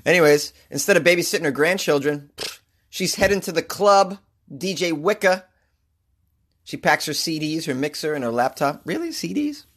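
Excitable, laughing male podcast host. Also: fairly high pitch, moderate pace, long pauses. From Boston. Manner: excitable, laughs often, crude jokes. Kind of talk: casual comedic commentary.

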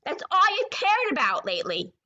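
A woman's voice: sits high, huge pitch swings, moderate pace, bright, forceful tone, dull audio. A woman hosting a sports podcast, ranting in a combative, profane and sarcastic way. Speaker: podcast host.

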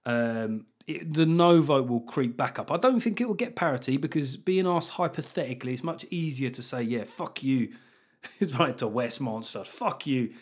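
A man hosting a comedy podcast, delivering a sardonic, sweary monologue with lots of laughter. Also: mid-range voice.

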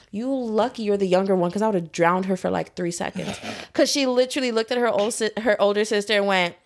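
A young woman telling stories in casual chat, blunt and profane, with an animated storyteller's delivery. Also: medium pitch, creaky.

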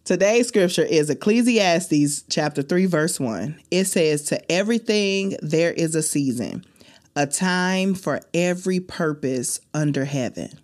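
A woman's voice: deep voice, measured pace. Emotional woman hosting a faith podcast. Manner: emotional, expressive, preachy. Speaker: podcast host. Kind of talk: faith-based heartfelt podcast talk.

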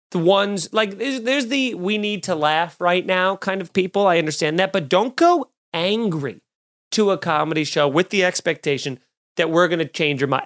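A man, a comedian hosting a podcast, telling a story in a casual, animated way and acting out the other people's lines. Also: high-pitched. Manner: animated, acts out quoted voices.

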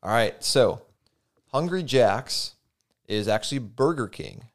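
A man's voice: mid-range voice, animated, slow pace. A young man hosting a casual podcast chat, laughing often as he runs the segments. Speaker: podcast host.

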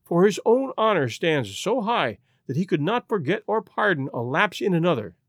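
A man's voice: high voice, big pitch swings, normal speed, slightly rough, no room sound, studio quality, full character voice. A man reading a story aloud, voicing a desperate young noblewoman who pleads emotionally to save her marriage. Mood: pleading. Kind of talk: audiobook reading.

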